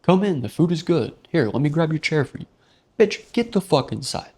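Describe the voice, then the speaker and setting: A man putting on a high, indignant voice for an arrogant rich diner who swears and brags about his tailored clothes. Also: animated, fast talker, a little mellow, slightly rough. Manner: shrill, indignant, profane. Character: haughty rich man, puffed-up and insulting.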